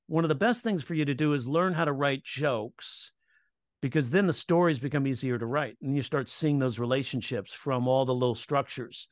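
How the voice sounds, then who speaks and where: A man explains how jokes are built, in a relaxed teaching tone that keeps checking in with his listener. He slips into quoted lines and audience reactions as he goes, and his mid-pitched voice sounds dry and close, with no room around it. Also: no room sound. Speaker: comedy coach and writing teacher. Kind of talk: casual explanatory talk in an interview.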